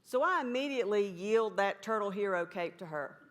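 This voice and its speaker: A woman's voice: mid-range voice, expressive, fairly quick. Folksy woman telling a story. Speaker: conference speaker. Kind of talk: storytelling talk.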